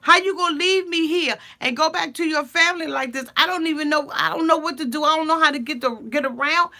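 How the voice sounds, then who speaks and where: A woman's voice: high voice, fast talker, pushed and bright, pitched above the performer's own voice. A woman voicing a lonely, stranded middle-aged woman who pleads in a whiny, raised voice. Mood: pleading.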